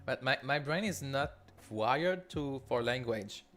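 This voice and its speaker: A man from Quebec with a Quebec French accent, leading a live coding walkthrough in a halting, think-aloud way with frequent restarts. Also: medium pitch, expressive, crowd noise. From Quebec, Canada. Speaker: developer leading a builder session.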